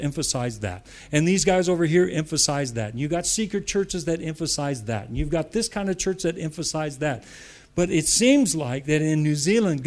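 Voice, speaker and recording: An American man preaching to church leaders in a fairly high voice. He talks in a conversational way, repeats phrases for emphasis, and rises to loud, emphatic declarations. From United States. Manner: repetitive, conversational asides.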